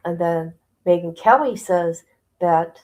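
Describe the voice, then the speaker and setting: A woman's voice: fairly low pitch, slow pace, mellow, low-quality recording. A woman hosting a casual livestream, chatting colloquially, reading viewer comments aloud and laughing often. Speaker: livestream host.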